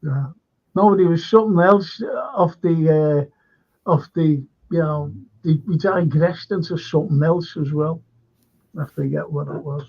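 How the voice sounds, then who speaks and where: A man's voice: a little high, measured pace, breathy edge. A man hosting a livestream, chatting and rambling as he reads out viewer comments, laughing often. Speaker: livestream host. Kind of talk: casual chat, reading out viewer comments. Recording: dull lo-fi stream audio.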